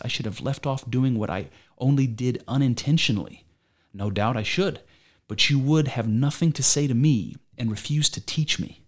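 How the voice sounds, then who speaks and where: A man's voice: medium pitch, lightly acted. A man reading as an aging philosopher, combative. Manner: argumentative, probing rhetorical questions. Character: aging male philosopher defending himself in court. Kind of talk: amateur dramatic reading.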